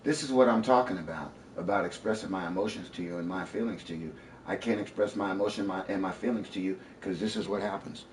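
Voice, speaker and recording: A man at home lecturing his partner in a heated argument, repeating himself, swearing and pushing his voice up to shouts. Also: sits low, fast talker, hardly any pauses. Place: inside a house. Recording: echoey room, voice from far off, faint hiss.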